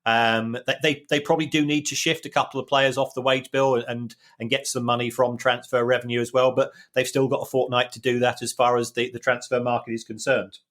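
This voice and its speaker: Guy on a podcast breaking down club money, steady mid voice, stops and restarts a lot. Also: medium pitch. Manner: measured, explanatory, with frequent restarts. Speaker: football finance expert co-host. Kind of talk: casual podcast chat.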